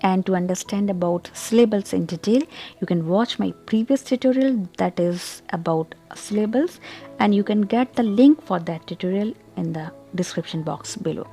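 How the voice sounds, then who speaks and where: In an online tutorial, a woman teaches English pronunciation, explaining slowly and with care while giving example words clear stress. Her voice sits at medium pitch with a dark tone, and faint music plays in the background.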